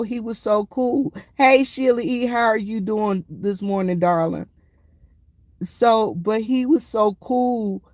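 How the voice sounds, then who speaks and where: A woman's voice: fairly low pitch, a little mellow, dry recording, studio quality. A woman veteran speaking to her viewers in a casual, emphatic storytelling monologue, often calling them y'all. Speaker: military veteran vlogger.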